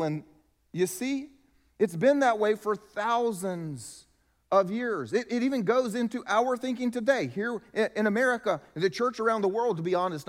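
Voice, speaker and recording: A man preaching a sermon as pastor, with emphatic swings between loud declarations and quiet, low asides. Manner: preaching with emphatic rises and drops in volume. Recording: long hall reverb.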